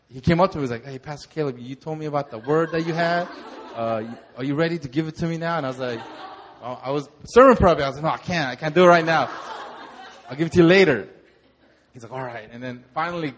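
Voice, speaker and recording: A young man, a pastor, telling a lively sermon testimony and acting out the moments in his story. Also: mid-range voice. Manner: animated storytelling, acts out shouts.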